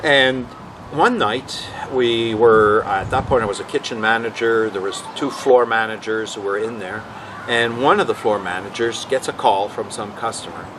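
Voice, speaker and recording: A man's voice: lowish voice, moderate pace, noisy background. A man telling rambling anecdotes in a casual vlog, often acting out what others said. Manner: rambling, animated, quotes others in voices. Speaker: vlog host.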